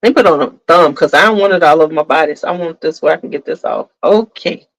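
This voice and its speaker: A woman's voice: sits low, fast talker, poor audio. A woman talking casually to her viewers as she reviews perfume, blunt and frank, often calling them "y'all". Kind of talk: casual fragrance review vlog.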